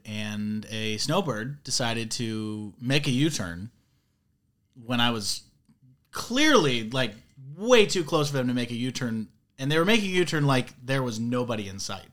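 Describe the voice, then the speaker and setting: A man from Florida co-hosting a casual podcast, telling stories in an animated way and getting loud when worked up. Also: medium pitch, moderate pace. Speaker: podcast co-host. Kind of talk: casual chat.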